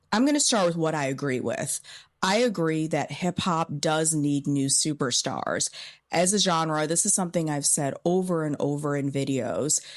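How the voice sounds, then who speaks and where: Stuffed-up woman with a deep voice. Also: a little mellow. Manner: measured, analytical. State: stuffed up from a cold. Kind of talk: commentary video. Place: outdoors by a pool.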